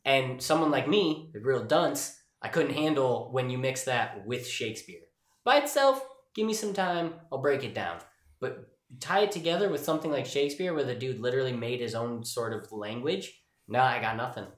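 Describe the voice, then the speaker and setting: A man's voice: mid-range voice, animated, moderate pace, reverberant. A man co-hosting a podcast, talking in a rambling, jokey way in casual chat. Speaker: podcast co-host.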